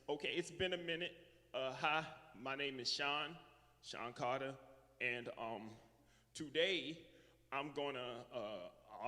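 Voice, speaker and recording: A man's voice: a little high, bright, forceful tone, long reverb tail, full character voice. A man playing a bumbling, socially awkward rapper. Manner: hesitant, halting, full of ums and nervous laughs. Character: shy, awkward male rapper persona, bumbling. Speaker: guest auctioneer.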